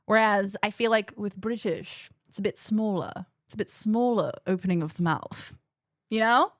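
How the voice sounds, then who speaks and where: A woman streamer chatting casually with her viewers, animated and rambling, often restarting her sentences. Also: medium pitch, moderate pace, no echo, clean studio sound. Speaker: gaming streamer.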